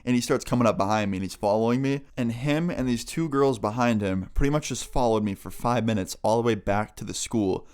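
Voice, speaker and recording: A man's voice: medium pitch, darkish tone, smooth. A young man, a vlogger, telling a casual story time, chatty and profane. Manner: rapid, profane, chatty retelling.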